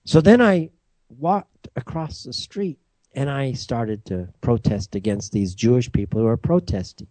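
A man's voice: mid-range voice, unhurried, dark tone, dry recording. An American man in a heated, repetitive ranting monologue, telling a story with emphatic force. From United States.

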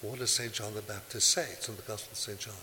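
Guy preaching a sermon, bright punchy voice, builds up big on the scripture bits, echoey hall, bit of hiss. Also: on the low side, fairly even intonation, fast. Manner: emphatic, rising to forceful peaks when quoting scripture. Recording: hissy recording in a large reverberant hall.

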